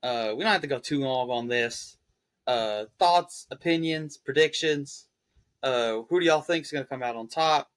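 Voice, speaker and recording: A man hosting a casual sports podcast, excitable and prodding his co-hosts for their picks. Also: medium pitch, measured pace. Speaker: podcast host.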